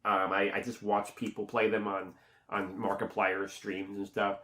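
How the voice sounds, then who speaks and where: A man gives a loose, rambling movie review full of fillers and restarts, his pitch jumping up when he acts out reactions. Otherwise his pitch barely moves, and he speaks a little slowly in a bright, forceful tone.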